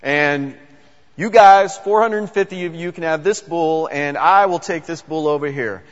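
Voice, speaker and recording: A man's voice: a little high, measured pace, lightly acted. A man voicing the prophet Elijah as a confident adult man, in casual modern phrasing with repeated words, recorded dull in a long-reverb hall. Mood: assured.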